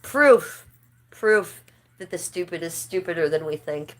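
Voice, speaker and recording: A woman's voice: fairly low pitch, normal speed, slight background noise. A middle-aged woman talks to her livestream viewers in a loose, rambling way. She gossips about people she knows and laughs often as she reads the chat. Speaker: livestream host.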